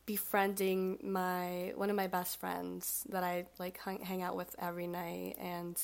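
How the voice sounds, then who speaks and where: A young woman from Miami, a podcast guest, talking earnestly and openly with a hoarse sick voice. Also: fairly low pitch, completely flat delivery, unhurried. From Miami, United States. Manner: earnest, open, with frequent fillers. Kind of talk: casual podcast chat.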